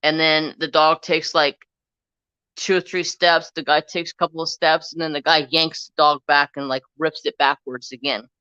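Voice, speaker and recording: A man's voice: on the high side, flat delivery, moderate pace, sharp tone, smooth, no echo, lo-fi sound. A man hosting a casual crafting live stream, rambling through a story and getting heated as he retells an argument.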